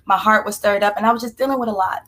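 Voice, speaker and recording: A woman's voice: mid-range voice, steady tone, racing, fairly bright tone. A young woman sharing a heartfelt personal faith testimony in an earnest, conversational way. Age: young adult. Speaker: team member sharing testimony.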